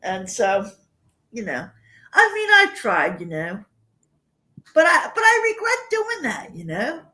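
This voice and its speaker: A woman's voice: fairly high pitch, huge pitch swings, slow, sharp tone. An older woman hosting a livestream, chatting casually with viewers and rambling through personal stories. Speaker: livestream host.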